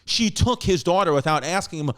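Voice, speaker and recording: A man in his thirties hosting a podcast, telling a story in a rambling, animated way with frequent restarts and swearing. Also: high voice, fairly quick. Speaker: podcast host. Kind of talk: casual storytelling.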